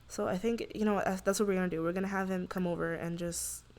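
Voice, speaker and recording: A young woman giving casual let's play commentary, chatty and full of fillers and quick asides. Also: fairly low pitch, fairly even intonation, darkish tone. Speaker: gaming YouTuber.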